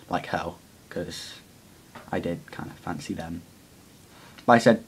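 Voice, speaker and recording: A man's voice: low-pitched, a bit bright, husky. A teenage boy vlogging casually, awkward and self-deprecating, laughing often and rambling with fillers. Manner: rambling with many fillers and pauses. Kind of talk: casual confessional vlog.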